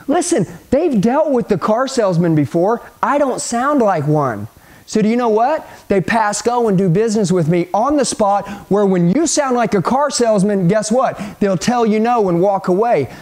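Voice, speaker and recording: A middle-aged man delivers a punchy, hyped sales training talk, addressing the listener directly and acting out phone calls. His voice sits high.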